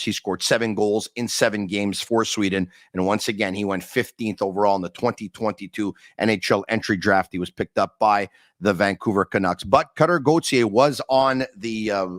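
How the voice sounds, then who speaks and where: A man's voice: fairly low pitch, fairly bright tone, no room sound. A man hosting a hockey podcast, talking energetically and emphatically and repeating phrases for effect. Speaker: podcast host. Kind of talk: hockey talk podcast monologue.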